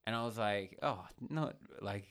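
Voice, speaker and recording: A man's voice: lowish voice, a little slow, clear, resonant tone. A man, co-hosting a casual chat and telling a story with acted-out quotes and frequent laughter. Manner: animated storyteller, acts out quotes, laughs often. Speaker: podcast co-host.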